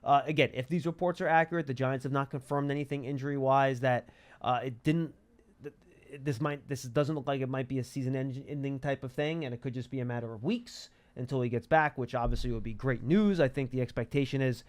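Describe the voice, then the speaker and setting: Fast-talking man hosting a sports show. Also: medium pitch, steady tone. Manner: quick, chatty, full of fillers and restarts. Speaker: podcast host. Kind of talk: casual sports talk show. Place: studio.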